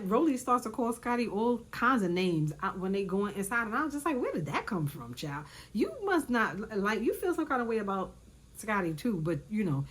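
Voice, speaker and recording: A woman recapping reality show episodes in casual commentary, chatty and animated, often repeating herself for emphasis. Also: mid-range voice, slightly rough.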